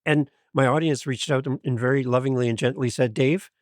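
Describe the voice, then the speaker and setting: Energetic enthusiastic man, dry sound. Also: medium pitch, quick pace, no echo. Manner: energetic, enthusiastic, animated storyteller. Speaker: podcast guest. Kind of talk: interview storytelling.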